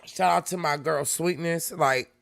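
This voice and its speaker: A woman hosting a live reaction stream, talking casually and breaking into loud, excited exclamations. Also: deep voice, unhurried, gravelly.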